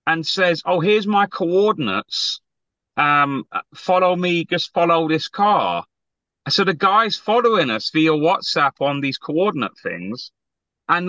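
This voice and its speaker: A man's voice: fairly high pitch, sharp tone, no room sound, dull audio. A man casually telling a long story on a podcast, acting out quotes and swearing freely.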